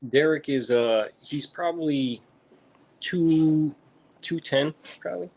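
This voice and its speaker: American man, casual chat, heavy swearing, lively storyteller, slightly high voice. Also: slow. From United States. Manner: swears constantly, animated storyteller. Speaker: reptile breeder streamer.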